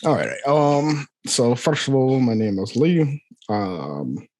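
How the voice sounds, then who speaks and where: A man's voice: medium pitch, animated, takes it slowly, a little mellow, no room sound. A young Scottish man, a voice actor, chatting casually in an interview, easygoing and hesitant with many fillers. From Scotland. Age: young adult.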